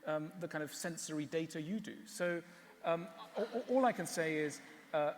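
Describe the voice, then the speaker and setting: Wry talk-giving guy, lots of ums, kinda high voice, echoey big hall. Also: normal speed, slight background noise. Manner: wry, animated, with hesitant fillers. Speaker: speaker. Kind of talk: talk and Q&A answers. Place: large hall.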